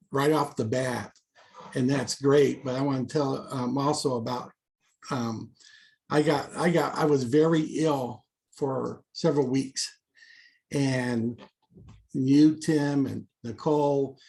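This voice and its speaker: Gravelly man giving grateful thanks. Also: mid-range voice, a little mellow, rough recording. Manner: rambling, halting, grateful. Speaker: caller on a video call. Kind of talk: heartfelt testimony on a call. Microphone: video call.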